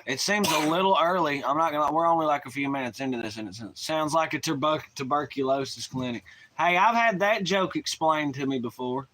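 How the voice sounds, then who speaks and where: A man's voice: on the high side, a little fast, sharp tone, slight background noise. Rowdy Southern man on a live stream. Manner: rowdy, profane, rambling, folksy slang. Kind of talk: casual live-stream chat.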